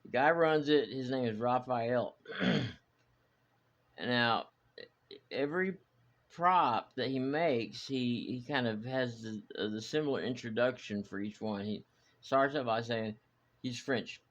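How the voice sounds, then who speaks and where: A man with a mid-range, fairly bright voice speaks unhurriedly in lo-fi sound as host of a hobby model-building vlog. His personal chat rambles reflectively, full of fillers and restarts.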